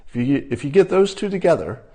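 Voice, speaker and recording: An older man talking casually, giving relaxed conversational advice and demonstrating tips as he goes. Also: on the high side, brisk.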